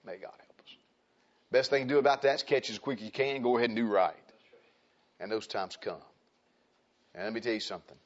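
A male preacher delivering a sermon, dropping to quiet asides and rising to loud, high exhortation. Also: steady tone, fast, long pauses, highs cut off.

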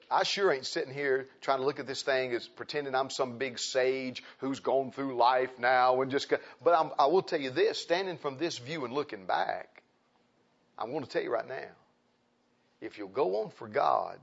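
A man preaching a sermon in a folksy way, dropping to hushed asides and rising to loud exclaims. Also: medium pitch, normal speed, creaky, husky. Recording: dull lo-fi sound.

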